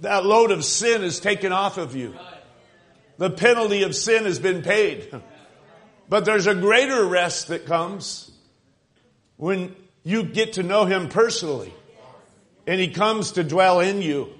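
High-voiced, slow-preaching man. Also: lively intonation, a bit bright. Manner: emphatic, addresses congregation as friends, repeats words. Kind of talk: sermon.

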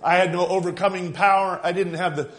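Fervent higher-voiced male preacher. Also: steady tone, brisk. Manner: fervent, rising to shouts, quoting and laughing. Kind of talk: sermon.

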